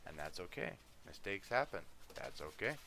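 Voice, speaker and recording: A man's voice: deep voice, big pitch swings, normal speed, sharp tone, slight background noise. A male livestreamer chatting casually, easygoing, coaxing and scolding his dog between music talk.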